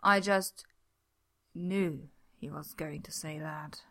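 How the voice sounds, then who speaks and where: A man's voice: on the high side, steady tone, slow, creaky, pushed and bright, pitched below the performer's own voice, full character voice. A woman reading as a grumbling, panicky man. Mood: grim grumbling. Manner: grim, snappish, muttering.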